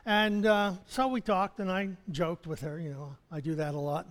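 A man's voice: high-pitched, steady tone, normal speed. A male chaplain preaching a sermon in a loose, conversational way, chuckling often and stumbling into restarts. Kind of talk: sermon with personal stories. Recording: long hall reverb.

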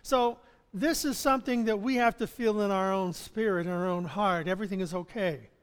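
High-voiced male preacher in reverberant hall. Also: a little fast, clear, resonant tone. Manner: conversational preaching with chuckles and restarts. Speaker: pastor. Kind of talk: sermon.

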